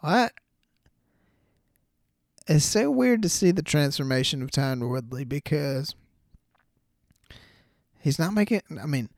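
A young man hosting a casual combat sports podcast, animated and incredulous, swearing freely. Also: mid-range voice, no echo, clean studio sound. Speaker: podcast host.

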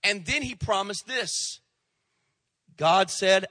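High, bright-voiced preaching pastor. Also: male voice, expressive, dry recording, long reverb tail. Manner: folksy, emphatic preaching with slow stressed quotes. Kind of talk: sermon.

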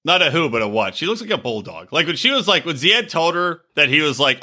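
Bright, animated man ranting profanely. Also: fairly high pitch, quick pace, few pauses. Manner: loud, profane, mocking, gets worked up. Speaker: podcast co-host. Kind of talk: casual chat.

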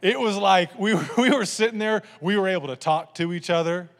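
A pastor preaching a sermon, telling funny family stories to his congregation in an animated way. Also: sits high, moderate pace, long reverb tail. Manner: animated, humorous storytelling to a congregation.

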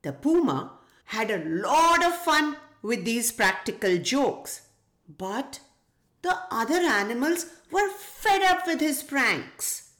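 Slow, lively woman telling a children's story. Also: a little high, echoey room. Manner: gentle, asks children questions. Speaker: children's podcast host and storyteller.

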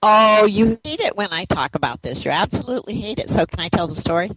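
A woman's voice: mid-range voice, lively intonation, fast, a bit bright, low-quality recording. A middle-aged woman co-hosting a radio talk show, bantering playfully and teasing her daughter. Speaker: co-host. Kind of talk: casual radio chat.

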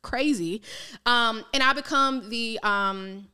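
A woman from Maryland with a high-pitched voice tells her story in a lively, candid way. Her tone is very bright and forward, full of slang, and she slips into the voices of the people she quotes. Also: slow, smooth. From Maryland, United States. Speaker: financial coach, guest.

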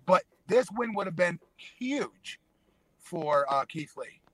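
A man's voice: sits high, expressive, slow, fairly bright tone, no echo, rough recording. A man on a casual wrestling podcast, arguing booking points emphatically and lecturing his co-hosts. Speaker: podcast co-host. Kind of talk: casual wrestling opinion chat.

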